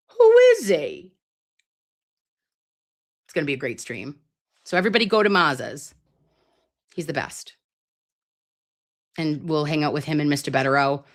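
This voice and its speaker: A woman in her late thirties hosts a casual live stream with a low voice. She talks in a rambling, playful way and swears freely. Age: 30s. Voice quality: self-described grating voice. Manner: chatty, rambling, playful and crude. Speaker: livestream host. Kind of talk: casual livestream chat. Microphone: computer mic on a live stream.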